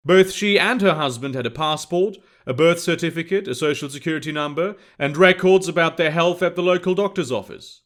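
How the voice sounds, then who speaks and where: A man narrating an alternate-history story in a steady, matter-of-fact reading. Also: a little high.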